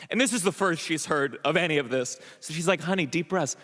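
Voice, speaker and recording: Stand-up comedian, man with a higher voice, nervy self-mocking storytelling, stage reverb. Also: fast. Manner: excitable, self-mocking, stammered restarts.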